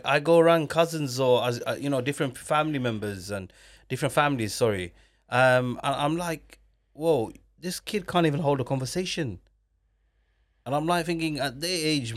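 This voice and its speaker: Casting: man, podcast host, animated and slangy, mid-pitched. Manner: animated storyteller, slangy, quick laughs. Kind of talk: casual podcast chat.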